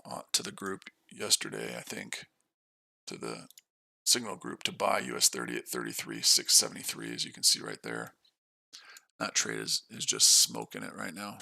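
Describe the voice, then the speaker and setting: A man's voice: extremely low pitch, gravelly, sharp tone, no room sound. A tired man hosting a live trading stream, talking through his trades in a matter-of-fact, casual way. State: tired from no sleep. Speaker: day trader and stream host.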